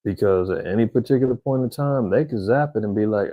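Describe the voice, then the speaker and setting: A man's voice: lowish voice, a little fast, dry recording, narrow, tinny audio. A man giving a casual, rambling commentary in slang, talking straight to his viewers. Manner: conversational, rambling, slangy, addresses viewers directly. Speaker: vlogger commentator.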